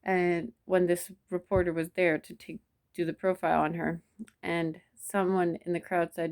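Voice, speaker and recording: A woman telling a personal memory in a soft, reflective way, with many pauses and restarts. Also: fairly low pitch, level tone. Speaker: vlogger. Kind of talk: personal storytelling to camera.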